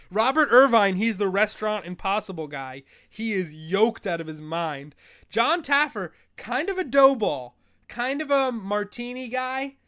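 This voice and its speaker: A man's voice: high voice, expressive, unhurried, pushed and bright, clean tone. A young man hosting a live fantasy football advice stream, bantering loosely and joking as he answers chat questions. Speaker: host.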